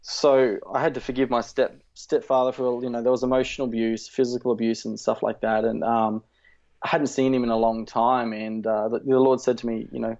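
A man in his thirties telling a personal faith testimony in an earnest, halting way, with many fillers and restarts. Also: medium pitch, little pitch movement, darkish tone. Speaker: speaker sharing a testimony. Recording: slightly dull, lo-fi sound.

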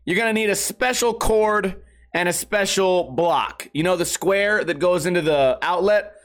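A man voicing a pushy female phone-store saleswoman who keeps upselling in a matter-of-fact sales pitch. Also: a little slow, a bit bright. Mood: pushy salesy.

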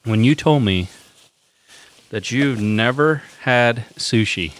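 A man's voice: medium pitch, lively intonation. A man co-hosting a podcast, joking and teasing his partner in casual chat. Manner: playful, teasing, talks in quick bursts. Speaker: podcast co-host.

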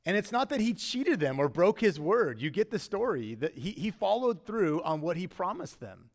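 A middle-aged man preaching a sermon as pastor, earnest and conversational, with emphatic rises and quiet drops. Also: sits high, sing-song, moderate pace.

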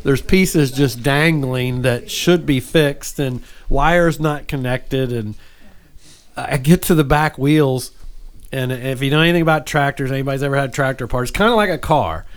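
A man's voice: medium pitch, moderate pace. Rambling man telling a story. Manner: rambling, with many restarts and asides. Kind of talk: casual storytelling chat.

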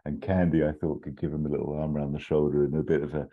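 A man's voice: a bass voice, little pitch movement, quick pace, phone-quality sound. A man telling a story idea in a casual chat, rambling with fillers and restarts and acting out the quotes. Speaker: podcast co-host pitching a story.

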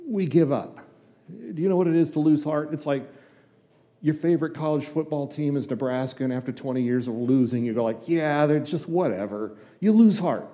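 Older guy preacher, mellow, folksy, chatty sermon in a church. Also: a little high, fairly quick, big-room sound. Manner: folksy and chatty, acts out dialogue with asides. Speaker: guest preacher, district superintendent. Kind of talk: conversational sermon. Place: church sanctuary.

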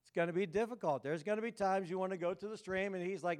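Guy preaching, kinda high voice, jokey, keeps saying right?. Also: normal speed. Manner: conversational, joking, asks the crowd "right?". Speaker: pastor. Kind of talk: casual sermon.

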